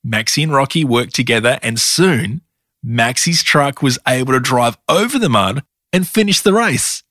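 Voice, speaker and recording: A man narrating a children's story with a gentle, sing-song storytelling manner. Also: medium pitch, expressive, normal speed, dry recording, clean studio sound. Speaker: storyteller and producer.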